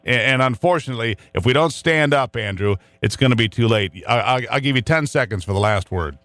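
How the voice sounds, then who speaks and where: A man's voice: mid-range voice, expressive, a little fast, fairly bright tone, dry recording. A middle-aged man hosting a talk radio show, preaching his opinions in a fiery, emphatic, repetitive way.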